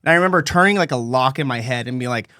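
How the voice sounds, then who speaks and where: A young man co-hosting a podcast, telling a long personal story in casual chat, acting out other people's voices with sudden high jumps. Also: racing, clean tone, dry recording, studio quality. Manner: animated storyteller, acts out voices with big pitch jumps. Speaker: podcast co-host.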